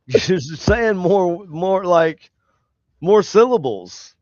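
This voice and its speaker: A man's voice: sits high, expressive, very slow, a little mellow, no echo, highs cut off. A man co-hosting a podcast in casual banter, argumentative, swearing often and stumbling over his words. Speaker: podcast co-host. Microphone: headphones on.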